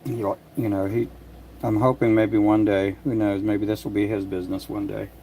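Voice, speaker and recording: An older man making fishing lures in his workshop, chatting casually to a livestream audience in a soft, rambling way with frequent restarts. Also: lowish voice, little pitch movement, normal speed, a little hiss or hum. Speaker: lure maker livestreaming. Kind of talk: casual livestream chat while working.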